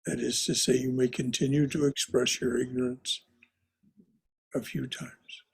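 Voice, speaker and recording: A man teaching a spiritual class in a slow, reflective way, often repeating his phrases softly. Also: medium pitch, flat delivery, vocal fry, husky. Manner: repeats phrases, soft and contemplative.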